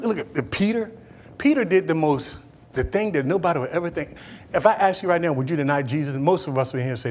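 A man preaching a sermon as pastor, animated and folksy, swinging between loud and hushed delivery with playful asides to the congregation. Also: on the high side.

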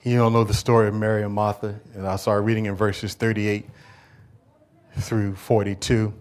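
A man preaching a church sermon, moving from quiet, conversational talk to loud call-and-response questions. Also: on the low side, level tone, moderate pace. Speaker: pastor. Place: church service.

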